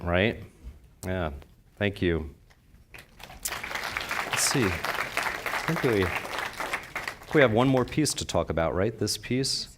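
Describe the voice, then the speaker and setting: Slow, low-voiced man demonstrating flower arrangements. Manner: enthusiastic, chatty, asks the audience questions. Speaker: floral design presenter. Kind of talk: live design demonstration. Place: convention stage before an audience.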